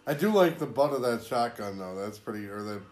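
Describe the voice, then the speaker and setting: A man's voice: mid-range voice, expressive, brisk, a crowd in the background. A man co-hosting a movie podcast, making dry, wry quips and swearing casually. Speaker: podcast co-host.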